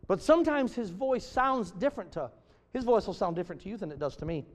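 A high-strung man preaching a sermon to a congregation, swinging from loud bursts to hushed, near-whispered lines. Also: big pitch swings, fast, long reverb tail.

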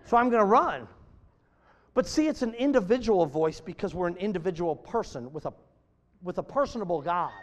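A high-strung man preaching a sermon to a congregation, swinging from loud bursts to hushed, near-whispered lines. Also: in a large hall.

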